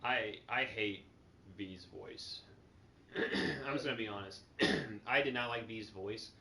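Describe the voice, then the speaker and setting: A man hosting a casual chat about a video game, blunt and quick to swear. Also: fairly low pitch. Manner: blunt, swears freely, mocks flat voices. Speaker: channel host. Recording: echoey room with faint noise.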